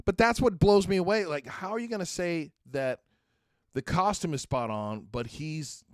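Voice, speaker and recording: A man hosting a casual podcast, talking in an animated, rambling way with sudden high exclaims. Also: moderate pace, no echo, studio quality. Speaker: podcast host. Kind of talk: casual chat.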